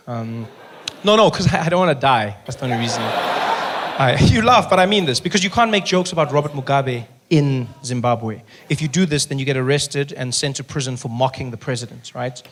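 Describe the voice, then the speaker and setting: A man from Africa, telling stand-up stories in an animated way and acting out the people he meets. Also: mid-range voice. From South Africa. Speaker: stand-up comedian. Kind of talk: stand-up comedy storytelling.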